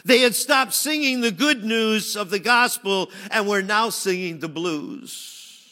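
A man preaching a sermon, shifting from loud pleading cries to hushed, low phrases. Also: slow pace, in a large hall. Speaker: pastor.

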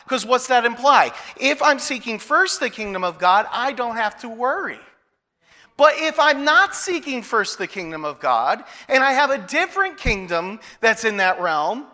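A man's voice: sits high, lively intonation, moderate pace, pushed and bright. A male pastor preaching a sermon, telling a personal story and asking the congregation questions. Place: church hall. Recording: long hall reverb.

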